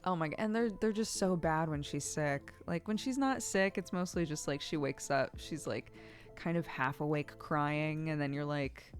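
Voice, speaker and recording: A woman's voice: deep voice, normal speed, faint music behind. A woman streamer chatting casually, telling stories in a rambling, chatty way. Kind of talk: casual chat while gaming.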